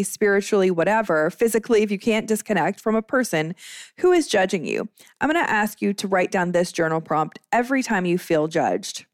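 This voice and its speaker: A woman's voice: mid-range voice, no room sound, studio quality. A woman in her thirties hosting a podcast, telling a personal story in a candid, chatty way. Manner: candid and chatty, many fillers. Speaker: podcast host.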